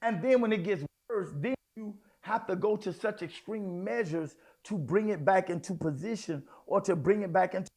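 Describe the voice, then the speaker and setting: Gravelly high-voiced man preaching. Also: normal speed, hardly any pauses, darkish tone. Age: middle-aged. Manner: conversational preaching with sudden emphatic outbursts. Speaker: pastor. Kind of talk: sermon.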